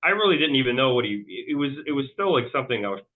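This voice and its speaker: A man's voice: medium pitch, very animated, racing. A man telling a long personal story as an interview guest, rambling loosely and restarting his sentences often. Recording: tinny phone-like line.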